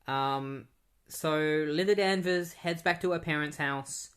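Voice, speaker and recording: A man's voice: a little high, takes it slowly, a bit bright, smooth. A young man casually recapping and reviewing a comic book in a rambling, conversational way.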